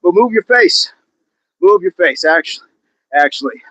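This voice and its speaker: A man's voice: high voice, animated, normal speed, a bit bright, no room sound, muffled recording. A man hosting a live workout stream outdoors, counting reps aloud and joking with the chat. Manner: jokey, laughs often, counts reps aloud. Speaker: fitness livestream host.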